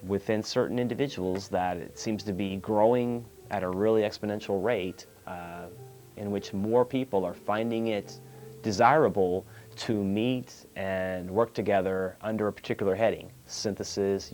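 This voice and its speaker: Texan man host, lowish voice, rambling spiritual talk, clears throat a lot. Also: a little mellow. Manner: meandering, many fillers and restarts. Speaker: call-in show host.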